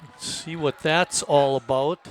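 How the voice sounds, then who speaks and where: A man doing play-by-play for a high school football game, relaxed and folksy with many fillers. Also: a little slow, slight background noise. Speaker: play-by-play announcer.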